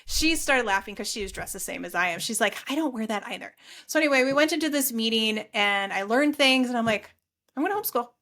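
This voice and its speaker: A middle-aged woman telling her story as a podcast guest, chatty and animated, acting out quoted lines. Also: fairly high pitch, brisk. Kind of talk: casual storytelling interview.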